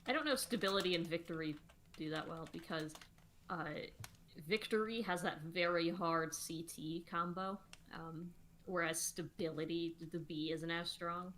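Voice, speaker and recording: A woman's voice: fairly low pitch, moderate pace, a bit bright, a little hiss or hum. A woman co-hosting a casual livestream, explaining lyric meter and rhyme in detail. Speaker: songwriter co-host.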